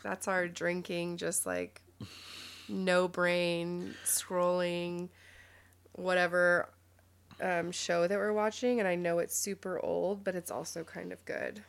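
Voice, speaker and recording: A woman's voice: fairly low pitch, steady tone, slow pace, vocal fry, clear, resonant tone. A woman, co-hosting a podcast in a rambling, chatty way and laughing easily. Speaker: podcast co-host. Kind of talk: casual chat.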